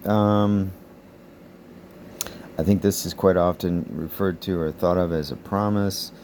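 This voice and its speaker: Deep-voiced man teaching, relaxed. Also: slight background noise. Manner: relaxed and thinking aloud, pausing to recall words; chuckles lightly while explaining. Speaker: Koine Greek teacher. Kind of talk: casual explanatory lesson.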